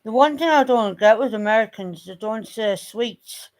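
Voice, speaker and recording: A vlogger, chatting casually in a blunt, teasing way. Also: mid-range voice. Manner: blunt, teasing, quick to jab. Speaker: family channel vlogger. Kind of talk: casual chat.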